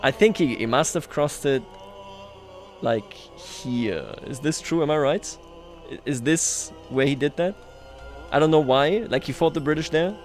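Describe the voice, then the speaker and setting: An expressive man of medium pitch, speaking at an ordinary pace, casually narrates his strategy-game stream for his chat. He mocks himself and chuckles frequently while soft music plays underneath.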